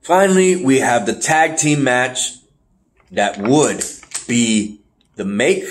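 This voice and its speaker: A man's voice: medium pitch, lively intonation, takes it slowly, long pauses. A man hosting a podcast, casually recapping wrestling shows and acting out the wrestlers in put-on voices. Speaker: podcast host.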